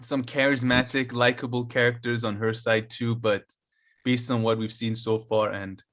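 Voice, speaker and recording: Male co-host, mid-pitched, relaxed and laughing, casual chat. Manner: easygoing, quick to laugh, short replies. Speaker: podcast co-host.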